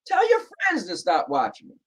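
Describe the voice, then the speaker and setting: Blunt New Jersey man, high voice. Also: huge pitch swings, normal speed, low-quality recording. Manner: blunt, sarcastic, repeats "right?". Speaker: show host. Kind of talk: casual chat. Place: home.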